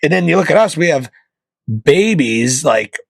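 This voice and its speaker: A man hosting his own podcast, delivering an opinionated comedic rant, swinging from loud emphatic punchlines to low muttered asides. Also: animated, moderate pace, gravelly, no room sound, low-quality recording. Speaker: podcast host.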